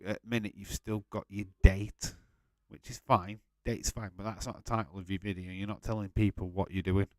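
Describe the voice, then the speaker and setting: Chatty low-voiced man. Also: level tone, fairly quick, darkish tone, no echo. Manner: chatty, laughs often, swears, talks to viewers by name. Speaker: live-stream watch-along host. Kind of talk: casual live-stream chat.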